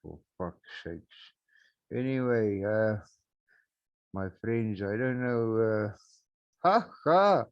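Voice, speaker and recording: A South African man hosting a solo podcast, rambling and mocking, with sudden loud outbursts and laughs, on a backup microphone. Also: lowish voice, lively intonation, slow, long pauses, clean tone, no echo, dull audio. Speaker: podcast host.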